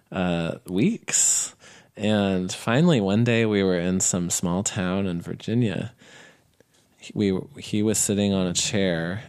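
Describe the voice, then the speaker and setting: A man's voice: deep voice, darkish tone, smooth. A man as an interview guest, telling a long personal story in a casual, rambling way with lots of fillers and restarts. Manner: rambling, many fillers and restarts, laughs easily.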